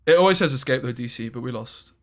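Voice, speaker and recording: A man streaming a card game live, chatting casually with viewers and breaking into loud exclamations. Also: mid-range voice, lively intonation, quick pace. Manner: chatty, talks to chat, bursts into loud exclamations.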